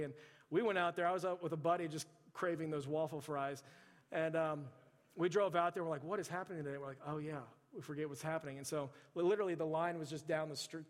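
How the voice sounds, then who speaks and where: A man, preaching a sermon in a chatty storytelling way, with lots of restarts. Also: fairly high pitch. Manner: conversational storytelling with frequent restarts and "like". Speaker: pastor. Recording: reverberant church hall.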